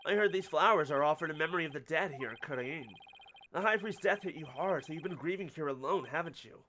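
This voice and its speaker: A man's voice: a little high, fast, bright, forceful tone, a little hiss or hum. A man reading an earnest young game lawyer. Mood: pressing. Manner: earnest, pressing questions. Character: earnest young male defense lawyer, persistent.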